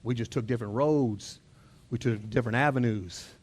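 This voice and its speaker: A man's voice: mid-range voice, normal speed, breathy edge. A middle-aged man with a Texan accent, preaching a conversational sermon, often repeating words and chuckling as he acts out family moments. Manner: chuckles and mimics family exchanges. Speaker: pastor. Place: church auditorium.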